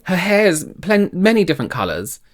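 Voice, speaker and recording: A man's voice: high-pitched, sing-song, normal speed. A man hosting a reaction video, blunt and opinionated, swearing casually as he comments. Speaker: reaction channel host.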